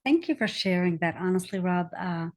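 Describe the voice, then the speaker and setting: A woman with a slightly low voice hosting a podcast interview. She speaks softly and appreciatively to her guest. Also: expressive, moderate pace. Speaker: podcast host. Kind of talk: conversational interview.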